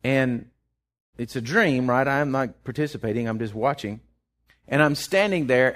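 A man preaching a sermon, impassioned, rising loud then dropping soft, often restarting his words. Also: medium pitch, moderate pace.

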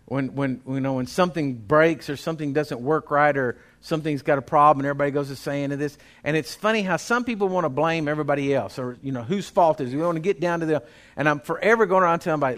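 A man's voice: fairly high pitch, fast talker, fairly bright tone. A male pastor, preaching a sermon in a folksy, exhorting way.

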